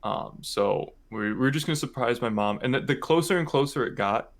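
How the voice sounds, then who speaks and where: A man's voice: mid-range voice, expressive, brisk. A young man from Michigan, co-hosting a podcast, telling a family story in a rambling, casual way full of "like" and "um". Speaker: podcast co-host.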